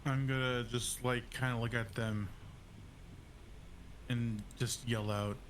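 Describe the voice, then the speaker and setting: A man playing in a tabletop role-play game over a call, speaking in a calm, matter-of-fact way. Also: mid-range voice, takes it slowly, a little hiss or hum. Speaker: player.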